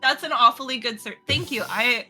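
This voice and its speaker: A woman's voice: on the high side, brisk, sharp tone, breathy edge, soft background music. A woman playing in a live-streamed tabletop game, chatting in a bubbly way and laughing easily.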